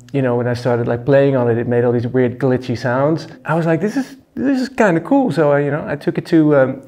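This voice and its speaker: Mellow-voiced laid-back male musician. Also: mid-range voice, slight background noise. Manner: relaxed, laid-back, lots of fillers and "you know". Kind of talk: casual storytelling monologue.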